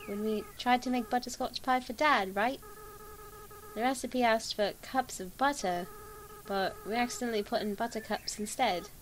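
A woman's voice: on the high side, normal speed, slight background noise, close to an everyday voice, rough recording. A woman voicing Asriel, nervous monster boy. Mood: wistful. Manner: hesitant, stammering. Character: small, anxious, earnest monster boy. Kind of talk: reading game dialogue aloud.

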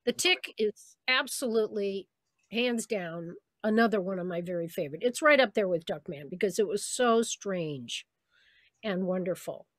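A woman voice actress chats over a video call, animated and full of stories. Her voice sits mid-range and sounds close and dry. She now and then drops into quick impressions of people she remembers. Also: medium pitch, no room sound. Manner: chatty, animated storyteller who slips into voices of people she quotes. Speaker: voice actress guest. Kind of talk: casual interview on a video call.

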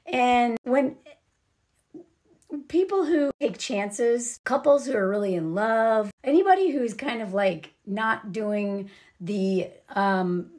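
A young woman giving a casual, sarcastic film recap, animated, and peppering her talk with "like" and "literally.". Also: on the high side, takes it slowly. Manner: animated, sarcastic, acts out characters' lines; frequent "like" and "literally" fillers. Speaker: vlogger.

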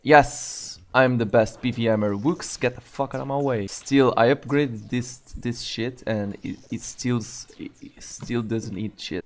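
Excitable young man commenting on gameplay. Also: medium pitch, measured pace, few pauses. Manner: excitable, swears often, talks to himself. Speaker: gaming video creator.

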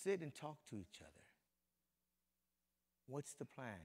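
With a mid-range, slightly dark-toned voice, this middle-aged Compton, California pastor is very animated yet a bit slow. He preaches conversationally, addressing members of his congregation directly.

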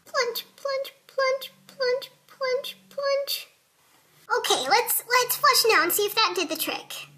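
Woman as a panicky girl doll, very high voice, rambling apologies. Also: expressive, moderate pace, bright, forceful tone, exaggerated voice. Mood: panicked. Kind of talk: doll play-acting.

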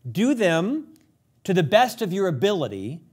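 A man hosting an interview who reads quotes aloud carefully and asks measured questions. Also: high-pitched, big pitch swings, a little mellow, husky. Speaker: host, interviewer.

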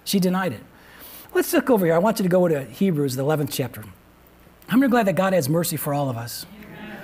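A man's voice: on the high side, very animated, quick pace, darkish tone, slightly rough. A man preaching a sermon as pastor in a conversational way, repeating phrases and often asking the congregation questions. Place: church.

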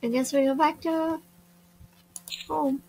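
A young woman playing a dating game with a friend, soft-spoken, unsure and giggly. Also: high-pitched, fairly even intonation, slow pace, slight background noise, low-quality recording. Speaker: co-player. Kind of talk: casual game commentary.

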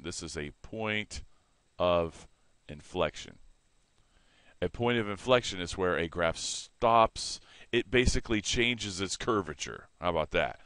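A man teaching a math lesson in a relaxed way, correcting himself and explaining as he sketches on a board. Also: lowish voice, clear, resonant tone, no echo.

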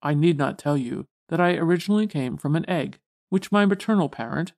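A frail but dignified old male butterfly from a storybook, speaking in a solemn, formal manner, voiced by a woman reading aloud. His speech is measured and proper, like an elder giving counsel. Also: low voice, a little mellow. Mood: proud.

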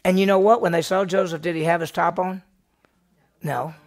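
Pastor, man, middle-aged, gravelly and a touch high, animated Bible-class teacher who quizzes his listeners. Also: moderate pace. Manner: animated, fires questions at the class and answers them. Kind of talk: Bible study lesson.

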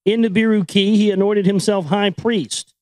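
With a high, slightly mellow voice and fairly even intonation, a man reads a book aloud at a moderate pace, offering casual, irreverent commentary. He regularly stumbles on names and words before correcting himself, and the recording is dry and poor in quality.

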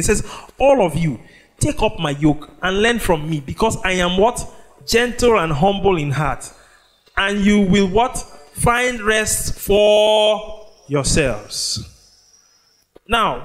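A man preaching a sermon, leading the congregation in call-and-response and drawing out scripture phrases slowly. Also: sits high. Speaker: pastor. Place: church.

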